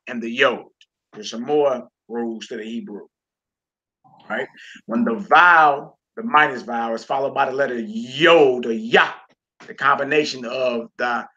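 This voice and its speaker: A man's voice: mid-range voice, gravelly, pushed and bright, dull audio. A man teaching a reading lesson, patient and encouraging, repeating words and checking in with the learner often.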